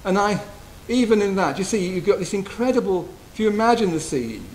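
Buddhist teacher, man, soft reflective delivery, slightly raised pitch. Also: lively intonation, brisk, a little hiss or hum, poor audio. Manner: gentle, tender, often checks in with "yeah?". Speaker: Buddhist teacher giving a retreat talk. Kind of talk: reflective dharma talk. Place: retreat hall.

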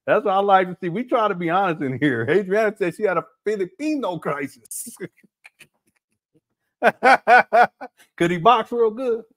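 Lively high-voiced man chatting with viewers. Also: measured pace, long pauses. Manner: laughs often, slangy, calls viewers family. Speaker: livestream host reading chat. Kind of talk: casual livestream chat.

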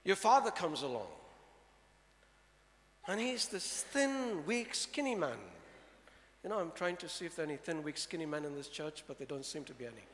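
High, bright-voiced male preacher, lively and questioning, echoey church hall. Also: moderate pace, slight background noise. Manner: animated, rhetorical questions to the congregation. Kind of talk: sermon.

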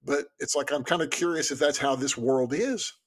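Husky, animated male podcast co-host. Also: fairly high pitch, normal speed. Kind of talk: book discussion podcast.

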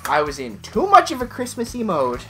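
A woman's voice: fairly high pitch, huge pitch swings, a little fast, soft background music. A woman hosting a casual toy unboxing vlog, jokey and playful, laughing often. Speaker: channel host.

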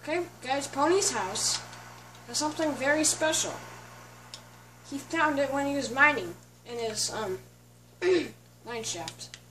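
A woman giving casual, chatty commentary while touring her game world, often stopping to clear her throat. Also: high-pitched, lively intonation, unhurried, pauses often, fairly bright tone, slight background noise. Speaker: let's play host. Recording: distant mic with faint background music.

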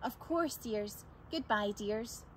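A woman reading as a gentle frail old lady. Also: fairly high pitch, expressive, slow pace, a little hiss or hum, poor audio. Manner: gentle, warm endearments to children. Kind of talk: storybook read-aloud.

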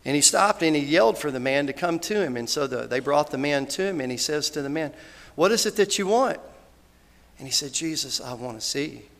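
Folksy preacher with a gravelly voice. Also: male voice, a little high, pushed and bright. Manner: earnest, folksy, quotes scripture and others with rising emotion. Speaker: minister giving a funeral eulogy. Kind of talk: sermon. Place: church hall. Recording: hall reverb, faint background noise.

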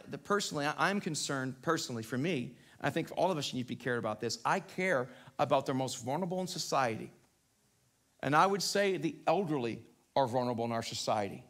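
A man preaching a live sermon in a church, animated and conversational, often checking in with his listeners. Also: on the high side. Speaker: pastor. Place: church sanctuary, live broadcast.

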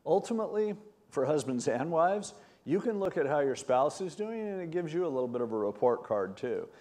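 Older male pastor in his sixties, relaxed conversational sermon delivery, lively when telling a story. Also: a little high, fairly quick. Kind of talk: sermon teaching.

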